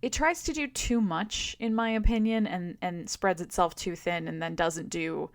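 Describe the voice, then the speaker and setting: Female podcast co-host, measured, gives her opinion plainly. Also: fairly low pitch. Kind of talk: casual chat.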